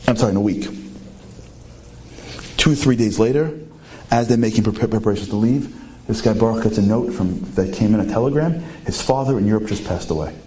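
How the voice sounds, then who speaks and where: Animated male storyteller, mellow low voice. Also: fairly quick, slight background noise. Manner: animated, pitch leaps up for emphasis, rhetorical questions. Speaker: inspirational speaker. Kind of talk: inspirational storytelling talk.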